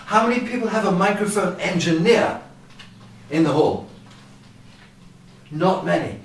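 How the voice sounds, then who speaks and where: Lively man lecturing in an echoey hall. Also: high voice, a little slow. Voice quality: naturally quiet voice. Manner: lively, acts out anecdotes with sound effects. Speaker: seminar presenter. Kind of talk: lecture to a live audience. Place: large hall with loudspeakers. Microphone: microphone at ten centimeters, through a PA. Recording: very echoey hall, distant from the camera.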